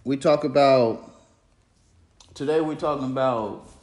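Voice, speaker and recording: A man at a mid pitch rambles through a casual monologue, drifting in and out of slang and restarting his sentences. His voice bounces around a roomy, echoey space. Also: unhurried, a little mellow. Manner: loose storytelling with slang and restarts. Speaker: podcast host.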